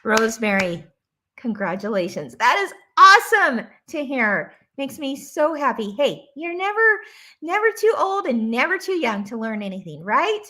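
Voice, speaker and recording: A woman's voice: on the high side, big pitch swings, moderate pace, pushed and bright. A woman hosting a live stream, reading viewer comments aloud in an enthusiastic, bubbly way and laughing often. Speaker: host.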